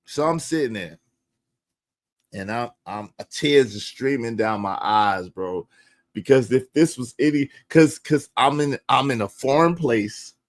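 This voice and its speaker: A man telling a personal story in profane street slang, swinging between low mutters and loud outbursts. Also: measured pace. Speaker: podcast storyteller. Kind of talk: animated storytelling.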